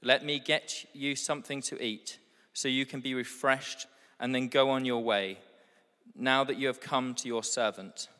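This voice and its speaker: Man voicing an earnest patriarch host, bright tense tone, long hall reverb. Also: medium pitch, steady tone, measured pace. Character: male patriarch offering hospitality to guests.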